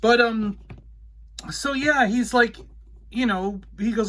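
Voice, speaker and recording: A man with a high, bright voice hosts his own vlog from a room at home. He tells a story casually and with animation, slipping into the voices of the people he quotes, and his talk is full of fillers. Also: steady tone, slow, pauses often. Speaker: host. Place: indoors toy room.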